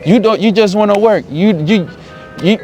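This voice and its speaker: American man, slang-heavy, somewhat high voice. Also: normal speed, mellow, soft background music. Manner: calls everyone "bro", persuasive. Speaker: comedy sketch actor. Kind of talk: comedy sketch banter.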